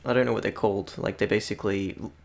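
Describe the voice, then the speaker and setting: A man's voice: on the low side, fairly even intonation, quick pace, gravelly. A man playing in a tabletop game, who chats casually and searches for his words. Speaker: player.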